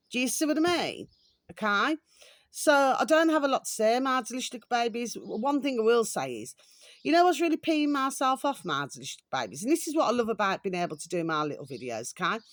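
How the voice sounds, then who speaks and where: A woman's voice: fairly high pitch, no room sound. A woman talking casually to camera, ranting in a chatty, repetitive way and often calling her viewers pet names. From England. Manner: chatty, repetitive, ranting, calls viewers "my delicious little babies". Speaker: vlogger.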